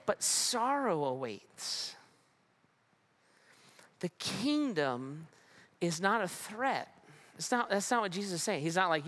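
A pastor preaching a sermon in a conversational way, with humor and frequent restarts. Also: male voice, sits high, sing-song, takes it slowly, pauses often, a bit bright.

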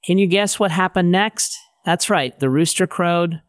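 A man's voice: high-pitched, a little slow, dry recording. A man narrating a Bible story in a conversational way with modern paraphrases, on a close studio mic.

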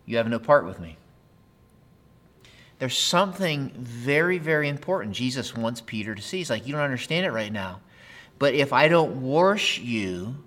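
A man's voice: mid-range voice, a bit bright. A man preaching a sermon in a conversational way, with playful asides and acted-out quotes. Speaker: pastor.

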